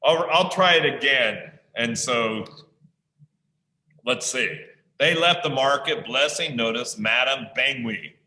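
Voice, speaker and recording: A male teacher reading a story aloud to an online class, pausing often to ask the listeners questions. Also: medium pitch, sharp tone. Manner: slow, pausing to quiz listeners. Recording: echoey room sound.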